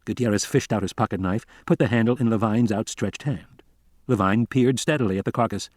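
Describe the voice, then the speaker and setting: A man reading an audiobook as narrator in steady, even storytelling. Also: lowish voice, brisk, no echo, clean studio sound. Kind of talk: scripted narration.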